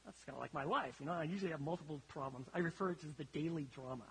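A man preaching a sermon to his congregation, emphatic, his voice swelling and then dropping low for effect. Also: racing, fairly bright tone, breathy edge. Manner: emphatic, rises and drops sharply for effect. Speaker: pastor. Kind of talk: sermon with a story. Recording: long hall reverb.

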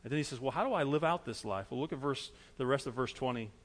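A man's voice: mid-range voice, fast talker, fairly bright tone, in a large hall. A man preaching a sermon as pastor, earnest and repetitive, driving his points home with everyday illustrations.

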